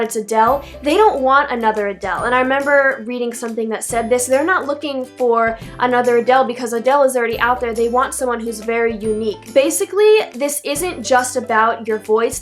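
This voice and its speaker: A woman's voice: fairly high pitch, brisk, hardly any pauses, faint music behind. A teenage girl talking through an advice vlog in a chatty, rambling way, full of "like" and self-corrections. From Philadelphia area, USA. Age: teens. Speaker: vlogger.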